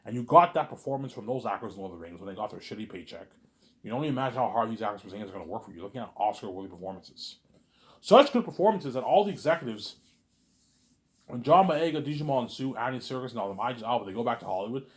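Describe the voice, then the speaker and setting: A man rambling in a casual monologue, animated and repetitive, arguing with an imagined listener. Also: medium pitch, quick pace. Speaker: vlogger.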